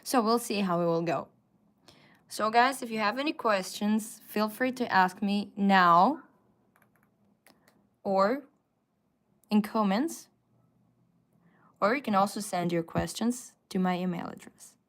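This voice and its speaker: Slow-paced woman teaching on a live stream. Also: mid-range voice, fairly bright tone. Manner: slow, patient explaining with frequent fillers. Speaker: Russian language teacher. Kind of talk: live-stream language lesson. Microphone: phone.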